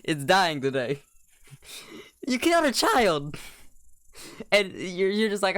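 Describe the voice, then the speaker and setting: A young man talks loosely on a podcast, full of restarts and slang, and gets animated when something strikes him as absurd. His voice cracks now and then. The sound is close and dry, with no room around it. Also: high voice, slow, pauses often, clear, resonant tone, no echo. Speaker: podcast co-host. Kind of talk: casual chat.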